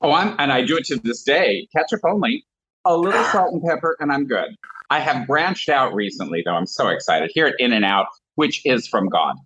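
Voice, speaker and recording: A man's voice: medium pitch, big pitch swings, normal speed, a bit bright, husky, muffled recording. A man from Colorado, a guest telling funny stories in casual chat with comic asides. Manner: theatrical storyteller with comic asides.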